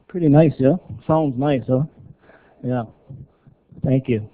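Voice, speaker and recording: A man leads a seminar at an unhurried pace, voice pitched a little high. He drills sounds over and over and keeps checking that the room is following. The sound is thin and tinny, like a phone line. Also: animated. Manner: drills pronunciation, checks in with "yeah?" and "okay?". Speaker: workshop presenter. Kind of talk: live seminar teaching.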